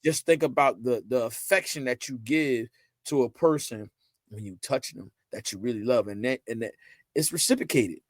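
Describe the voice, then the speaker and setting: Animated man telling stories emphatically. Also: medium pitch, moderate pace, dry recording. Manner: animated, emphatic storytelling with lots of repetition; loose colloquial phrasing, frequent "you know what I'm saying". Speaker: podcast guest, father. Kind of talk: casual conversational interview.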